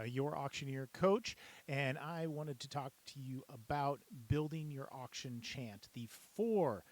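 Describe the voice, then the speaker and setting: A man who coaches auctioneers, explaining the auction chant in an upbeat, repetitive way and breaking into quick chant demonstrations. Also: medium pitch. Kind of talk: instructional talk to camera.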